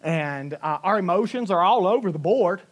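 Animated, high-voiced male preacher. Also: moderate pace. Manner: animated storytelling, acting out quotes with big swings in loudness. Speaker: pastor. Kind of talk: sermon.

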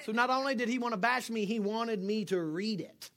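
A middle-aged man preaching a sermon as pastor, joking with the congregation and swinging from quiet asides to loud shouts. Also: high-pitched, a little fast.

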